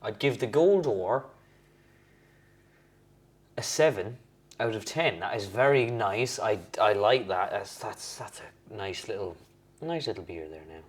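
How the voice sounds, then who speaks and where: A man's voice: on the low side, lively intonation, measured pace, pauses often. Rambling man tasting beer at home. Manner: rambling, self-correcting, chatty. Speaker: host reviewing beers. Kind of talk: casual beer-tasting vlog.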